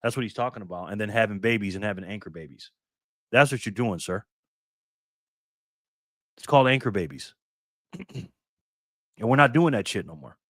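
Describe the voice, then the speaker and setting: A man's voice: fairly low pitch, expressive, moderate pace, pauses often, fairly bright tone, dry recording, studio quality. A man hosting a casual live stream, ranting bluntly with frequent swearing and thanking viewers by name. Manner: blunt, profane, ranting commentary.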